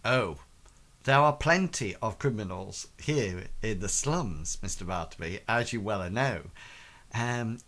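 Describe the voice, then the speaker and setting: A man's voice: fairly low pitch, expressive, a little slow, fairly bright tone, pitched below the performer's own voice. A man voicing a shrewd adult woman who runs errands for criminals in the slums, speaking in a polite, rather upper-class put-on manner.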